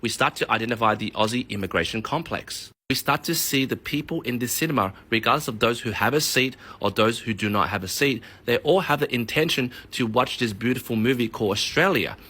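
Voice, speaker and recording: A man who works as a mortgage broker, ranting in a profane, animated way on a casual vlog. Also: mid-range voice, brisk, hardly any pauses, breathy edge.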